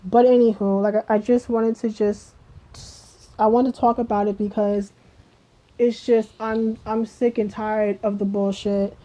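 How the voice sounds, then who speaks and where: A woman's voice: mid-range voice, level tone, measured pace, dark tone. Heated, swearing woman vlogger, dull recording. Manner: heated, emphatic, swears often, repeats herself, many fillers. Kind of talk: casual rant to camera. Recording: dull lo-fi audio.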